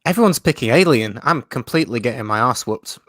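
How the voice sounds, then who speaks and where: A man's voice: mid-range voice, quick pace, no room sound. A man hosting a livestream, chatting casually and laughing easily about fragrances. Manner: relaxed, self-deprecating, laughs easily. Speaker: livestream host. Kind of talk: casual chat.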